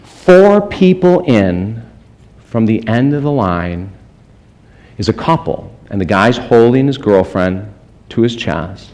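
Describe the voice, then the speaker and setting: A man giving a storytelling sermon as a spiritual speaker, animated, chuckling often and acting out the people in his stories. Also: lowish voice, slow pace, poor audio. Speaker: spiritual speaker and life coach. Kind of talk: storytelling sermon to a live audience.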